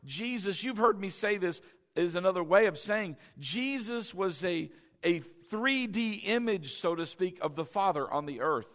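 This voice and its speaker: A male pastor preaching a sermon, asking the congregation questions and calling for responses, moving between loud cries and soft, tender passages. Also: high voice, lively intonation, unhurried.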